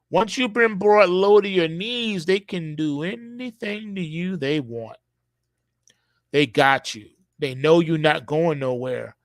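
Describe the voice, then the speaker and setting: A man's voice: a little high, no echo, clean studio sound. A man hosting a live stream, talking in an emphatic, preachy way, repeating himself and stretching words out for effect.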